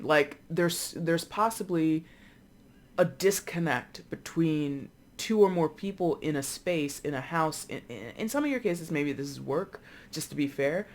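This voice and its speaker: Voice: medium pitch, measured pace. A tarot reader giving a casual, rambling reading with many asides. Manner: chatty, rambling, animated with frequent asides.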